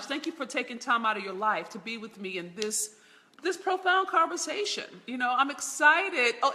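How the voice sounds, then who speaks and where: A woman's voice: high voice, bright, forceful tone, big-room sound. A middle-aged woman hosting a live stream as a business mentor, laughing often and greeting viewers by name from a large room in her home. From Baltimore.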